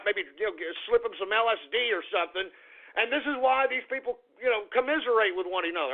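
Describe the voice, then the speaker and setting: A man hosting a talk radio show, ranting angrily at listeners and repeating himself as he builds up steam. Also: sits high. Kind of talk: political talk radio rant. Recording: phone-like lo-fi radio audio.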